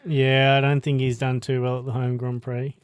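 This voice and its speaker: A man with a mid-pitched voice co-hosts a podcast in easy, casual chat. He talks in a relaxed, slightly hesitant way and laughs easily. The sound is dry and close to the mic. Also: moderate pace, smooth, no room sound. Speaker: podcast co-host.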